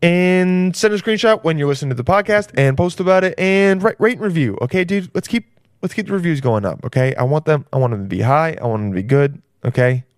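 A man's voice: on the high side, lively intonation, fast, clear, resonant tone, no echo, clean studio sound. A man hosting a comedy podcast, rambling crudely and laughing at his own jokes. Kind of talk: casual comedy podcast monologue.

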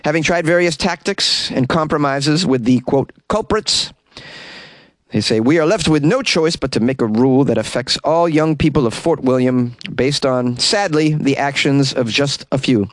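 A man's voice: mid-range voice, normal speed, few pauses, no room sound. A man hosting a comedy news podcast, reading stories aloud and cutting in with sarcastic asides. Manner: sarcastic, reads news then riffs on it. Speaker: podcast host. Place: small closet.

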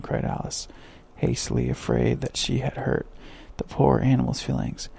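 A man reading a children's story aloud in a soft, measured way. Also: medium pitch, big pitch swings. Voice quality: creaky, husky.

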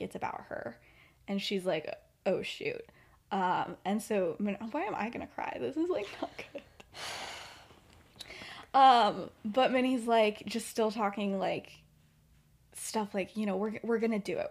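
A young woman hosting a podcast, casually retelling her own story with lots of "like" and "um" in a quiet, hushed voice. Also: medium pitch. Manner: chatty, many fillers, quiet storytelling voice. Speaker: podcast host and writer.

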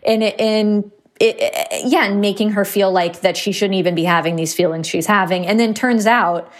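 A woman's voice: medium pitch, steady tone, normal speed. A woman guest in a casual podcast chat, blunt and indignant, often trailing off and restarting her sentences.

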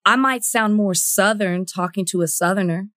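A woman co-hosting a podcast, chatting casually and teasing her co-host with quick questions. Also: mid-range voice, a bit bright, no echo, clean studio sound. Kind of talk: casual chat.

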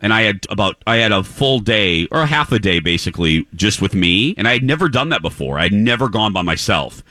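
A male morning radio host tells a long personal story in an easy, chatty way and acts out each character's voice as he goes. His voice has a bright, clear edge, and his pitch swings widely. The sound is close and dry. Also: fairly quick, no echo. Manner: animated, acts out voices in anecdotes. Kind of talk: casual on-air storytelling. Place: live remote broadcast at a clinic.

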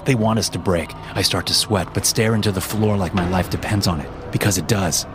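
A man narrating a first-person horror story in a tense, measured way. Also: sits low, noisy background.

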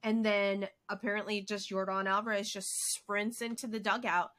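A woman co-hosting a casual sports podcast, recapping games in an animated, excitable way with lots of fillers. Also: mid-range voice, normal speed. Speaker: podcast co-host.

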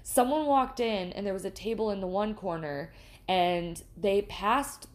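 A woman co-hosting a podcast, telling a story in casual, animated chat, swearing freely and restarting her sentences often. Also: mid-range voice, a little slow. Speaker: podcast co-host.

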